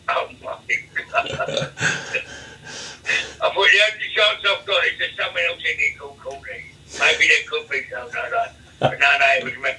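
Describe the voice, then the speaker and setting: A man's voice: fairly high pitch, pushed and bright, far from the mic, low-quality recording. Blunt, swearing man telling stories. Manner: swearing, blunt, rambling anecdotes. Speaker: interview guest. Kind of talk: casual storytelling chat.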